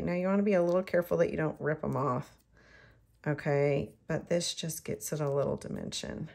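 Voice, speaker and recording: A middle-aged woman, chatting to herself and the viewer in an excitable way while she shows how to make a card. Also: mid-range voice, creaky. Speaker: card-making demonstrator. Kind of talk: casual crafting tutorial.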